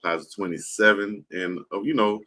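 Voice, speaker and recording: A deep-voiced man co-hosting a casual sports talk show. He talks in an easygoing, agreeable way, sending out shout-outs and riffing with his partner. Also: moderate pace. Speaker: co-host.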